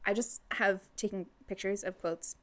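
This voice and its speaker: A young woman co-hosting a casual book chat, animated and swearing, laughing often. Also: mid-range voice, normal speed. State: tipsy. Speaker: podcast co-host.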